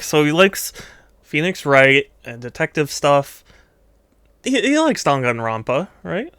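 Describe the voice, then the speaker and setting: A streamer working through drawing requests talks in a rambling, chatty way, laughing easily and drifting off in thought. His smooth, clear voice is slightly high with a fairly bright tone, captured close and dry with no room sound.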